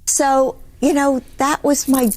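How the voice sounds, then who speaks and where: A woman's voice: high-pitched, level tone, slow. An older woman giving a sit-down interview, earnestly recounting and defending what she did. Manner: earnest, explains herself in recounted dialogue. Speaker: interview guest, former first lady.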